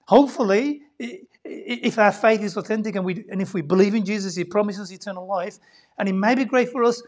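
A woman preaching a sermon in a church. She talks conversationally, asks the congregation questions, and swings from loud emphasis down to hushed near-whispers. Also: medium pitch, a little fast. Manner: conversational, with rhetorical questions and laughs.

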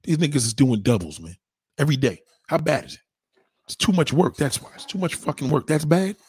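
A husky-voiced man rants, sweary and heated. His voice swings up and down all over, and the sound is dry and close. He jumps from loud bursts to low muttering. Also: expressive, fairly quick, no echo. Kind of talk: profane ranting monologue.

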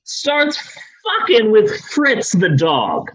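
A man co-hosting a podcast, telling a history story in a comedic, profane and animated way over dull lo-fi sound. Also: high voice, drawn-out words, slightly rough.

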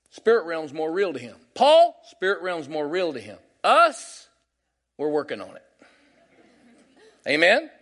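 Male preacher, sermon delivery, bright forceful tone, drawn-out scripture with call-and-response. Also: high voice, gravelly, breathy edge.

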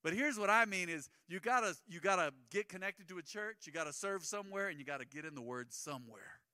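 A man's voice: high-pitched, lively intonation, fast talker, bright, forceful tone, clear, resonant tone, no room sound, studio quality. A man preaching a sermon as pastor, conversational and acting out the people he quotes.

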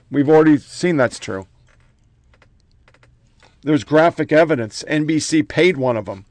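A man's voice: on the high side, no room sound. A man hosting a political commentary show, reading out headlines in short clipped bursts with profane, mocking asides.

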